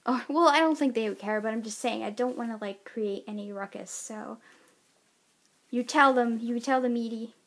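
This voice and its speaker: A woman with a childlike-sounding voice, chatting casually in a rambling way in a pet vlog at home, now and then scolding her pets. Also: fairly high pitch. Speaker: pet owner vlogger.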